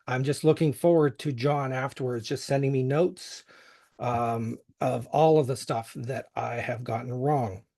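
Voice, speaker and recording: A man's voice: mid-range voice, darkish tone. A middle-aged American man with a faint Western Pennsylvania accent, a history podcast host giving a casual, joking conference talk full of fillers. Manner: joking, self-deprecating, many fillers.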